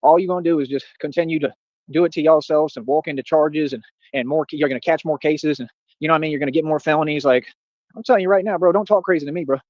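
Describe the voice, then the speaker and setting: Fast-talking boastful man ranting. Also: a little high, steady tone, darkish tone, no room sound, lo-fi sound. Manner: boastful, confrontational, repeats "what are you talking about". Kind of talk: ranting livestream monologue.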